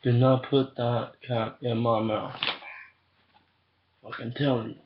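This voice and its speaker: A man's voice: medium pitch, little pitch movement, slow pace. A man in casual webcam chat, rambling and profane, recorded on a webcam mic. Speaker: vlogger. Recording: dull lo-fi webcam audio, faint hiss.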